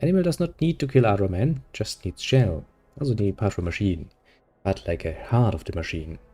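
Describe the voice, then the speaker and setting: A man voicing an ancient spider-faced alien creature that speaks in slow, broken phrases while he reads game dialogue aloud. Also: fairly low pitch, animated, dark tone, slightly rough, faint music behind. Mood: earnest. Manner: halting broken speech, slow and strange.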